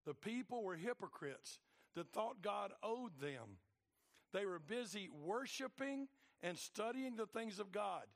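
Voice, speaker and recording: Gravelly high-voiced preacher. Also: male voice, animated, a little slow. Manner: swings from loud preaching to low, quiet asides. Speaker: pastor. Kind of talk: sermon.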